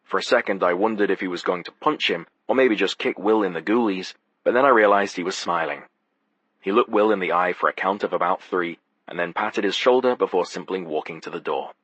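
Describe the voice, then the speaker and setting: A man narrates a first-person audiobook with a wry, sardonic touch. His voice sits low with a husky grain, and the recording is dry and close. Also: a little fast, a bit bright, dry recording, lo-fi sound.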